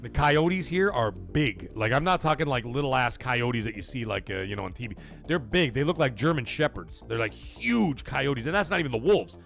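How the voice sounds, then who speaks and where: A man's voice: mid-range voice, very animated, moderate pace, gravelly, hardly any pauses, fairly bright tone, soft background music. A man hosting a casual gaming livestream, joking, swearing and bantering with his chat. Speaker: livestream host.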